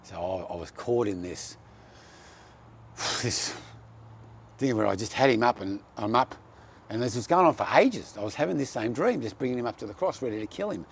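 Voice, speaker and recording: Man, gravelly voice, personal faith testimony, earnest, heartfelt. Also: medium pitch, lively intonation, moderate pace, long pauses.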